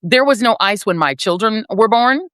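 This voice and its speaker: A woman's voice: expressive, normal speed, a bit bright, no echo, clean studio sound. A woman in her fifties giving emphatic, sardonic political commentary as a panel guest. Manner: emphatic, sardonic, swings between high and low.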